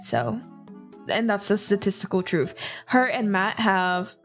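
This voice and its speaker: A young woman streaming and chatting casually, swearing freely and laughing often, deliberately pushing her recovering voice lower. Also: sing-song, faint music behind. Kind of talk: casual chat.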